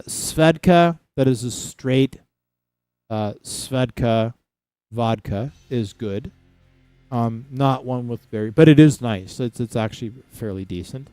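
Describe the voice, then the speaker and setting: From his home in Saskatchewan, a man hosts a casual livestream, chatting loosely with viewers and rambling with many restarts. His mid-range voice is smooth and darkish, with no echo.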